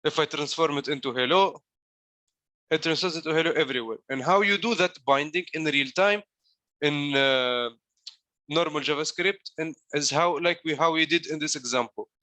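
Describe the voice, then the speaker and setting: A man's voice: fairly high pitch, pushed and bright, no room sound. A man coaching a class through code in a live walkthrough, explaining each step while demonstrating it. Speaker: coding coach.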